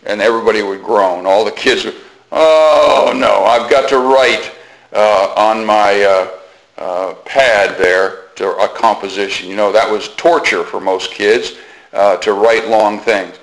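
A man preaching a sermon, teaching earnestly and deliberately, repeating phrases for emphasis with occasional fillers. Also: lowish voice, level tone, rough recording.

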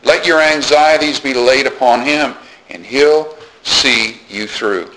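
A man's voice: medium pitch, slow, background noise. A man preaching a sermon as pastor, earnest, repeating key phrases and asking the congregation questions.

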